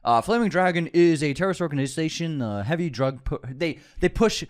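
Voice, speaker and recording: A young man co-hosting a comedy movie podcast, his voice riding a little high and swinging widely in pitch. He laughs a lot and bursts into loud acted-out movie lines as he recaps. The feel is casual, joking banter between friends. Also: expressive, brisk. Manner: laughs often, acts out movie lines loudly. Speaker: podcast co-host.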